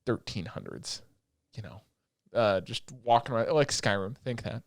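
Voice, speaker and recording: A man's voice: on the low side, normal speed, gravelly, dry recording, studio quality. Rambling young man recapping anime. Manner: rambling and excitable, heavy filler words, swears freely. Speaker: podcast co-host. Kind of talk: casual chat recapping anime episodes.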